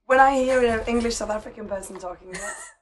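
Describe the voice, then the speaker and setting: A woman's voice: fairly high pitch, fairly quick, slight background noise. A woman in casual comedy chat who asks pointed questions and makes wry observations. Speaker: podcast guest. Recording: loud crowd chatter behind.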